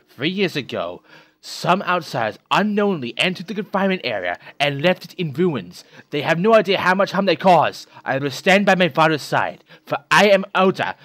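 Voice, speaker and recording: A man voicing a solemn island family daughter writing her diary, in a put-on accent, slow and dramatic. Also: a little high, fairly bright tone, dry recording.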